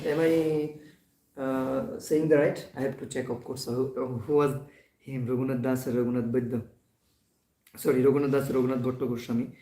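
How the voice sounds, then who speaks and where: A man giving a devotional class in a temple hall. He talks haltingly, with many fillers and restarts. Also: mid-range voice, dark tone. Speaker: temple lecturer. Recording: echoey temple hall, mic at a distance.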